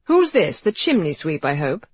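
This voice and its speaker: A woman voicing a pompous, blustering older gentleman who talks loudly and indignantly, in an audiobook. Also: deep voice, big pitch swings, moderate pace, husky, no room sound, heavily acted. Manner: loud, indignant. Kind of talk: audiobook character voice.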